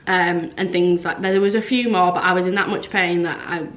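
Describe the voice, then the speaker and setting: A woman's voice: fairly low pitch, steady tone, a little fast, highs cut off. Chatty young woman. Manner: chatty, frequent "like", acts out quoted dialogue. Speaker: vlogger. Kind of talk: casual storytelling to camera.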